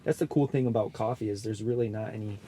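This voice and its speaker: A man's voice: fairly low pitch, fast talker, mellow, faint music behind. A young man co-hosting a podcast, rambling in laid-back casual chat from an ice fishing shelter. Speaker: podcast co-host.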